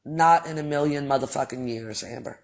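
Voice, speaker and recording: A man's voice: on the high side, fairly quick. Blunt, profane man hosting a livestream. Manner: blunt and profane, addresses chat as y'all. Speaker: livestream host. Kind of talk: casual livestream storytelling.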